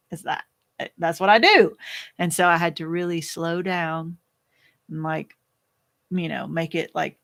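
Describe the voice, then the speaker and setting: A woman hosting a casual live chat, reading viewer comments aloud and answering them in a rambling, fast-talking way with frequent laughs. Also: on the low side, creaky. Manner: chatty and rambling, laughs often, many restarts; talks fast by habit. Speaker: host.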